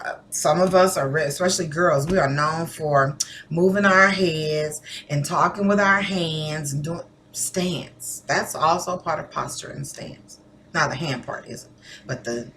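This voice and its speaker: With slight noise in the background, a low-pitched woman teacher chats informally through a recorded lesson. She acts out different tones of voice for her students in a conversational, animated way.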